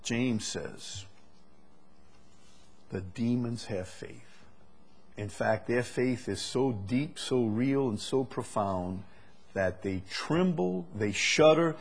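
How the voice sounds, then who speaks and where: A man's voice: medium pitch, lively intonation, slow, pauses often, husky. A man preaching a sermon, reading scripture aloud and building to emphatic, rising delivery.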